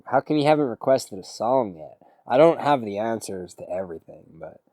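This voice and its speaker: A man's voice: mid-range voice, very animated, moderate pace, dark tone, no echo. A man chatting casually with his stream audience between song requests, with a laid-back, sarcastic and slangy way of talking. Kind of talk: casual livestream chat.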